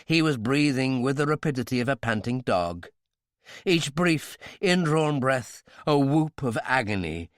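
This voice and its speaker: A man narrating a thriller audiobook in the first person, in a measured, dramatic manner. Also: medium pitch, expressive, no echo, clean studio sound.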